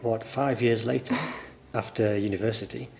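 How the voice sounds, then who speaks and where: Guy w a mild northern english accent, lowish voice, chatting thoughtfully as a guest teacher. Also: fairly even intonation, moderate pace, gravelly, a little mellow. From northern England. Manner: thoughtful, anecdotal, explains at length. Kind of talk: relaxed conversational interview.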